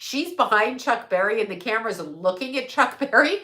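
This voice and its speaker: Bright-voiced, rambling middle-aged woman. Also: a little high, lively intonation, moderate pace. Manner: rambling, profane, laughs often. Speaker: livestream host. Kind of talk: casual livestream monologue.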